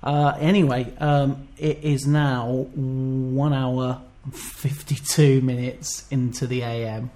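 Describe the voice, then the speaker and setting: A man co-hosting a podcast in casual, rambling chat, self-deprecating and quick to laugh. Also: medium pitch, level tone, mellow. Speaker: podcast co-host.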